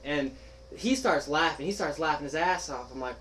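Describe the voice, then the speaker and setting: A young man spins a story for his friends, voicing each person in turn and breaking into laughter. His voice sits a little high. A light background hiss runs under it. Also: moderate pace, rough recording. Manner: animated, laughing, acts out quoted friends. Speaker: podcast host telling a story. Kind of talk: casual storytelling chat.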